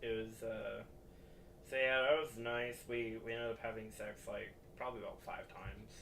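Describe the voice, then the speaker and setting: A young man telling a story on a podcast, halting and stuttering, often laughing. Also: lowish voice, little pitch movement, gravelly, pushed and bright, recorded from a distance, a little hiss or hum. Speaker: podcast guest. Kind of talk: casual storytelling.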